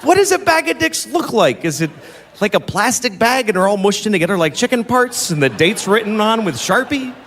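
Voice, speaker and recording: A middle-aged man doing a stand-up comedy set on stage, with exasperated, mocking delivery and sudden high shouts. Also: very animated, brisk, a little hiss or hum. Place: large venue with a live audience. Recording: live hall recording with long reverb.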